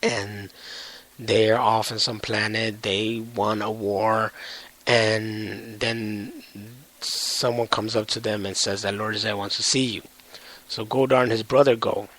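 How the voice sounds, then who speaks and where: A man's voice: lowish voice, level tone, slow pace, a bit bright, poor audio. A man reviewing comics in casual chat, rambling and hedging with loose slang.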